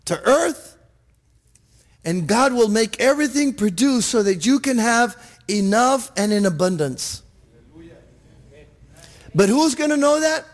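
A man preaching a sermon in church, earnest, often restarting his words and asking "Amen?". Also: very high-pitched. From Texas, USA. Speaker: pastor.

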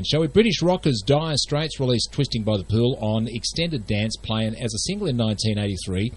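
Male radio presenter, slightly husky, measured scripted reads. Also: mid-range voice. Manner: measured, trivia-quiz delivery. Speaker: radio host.

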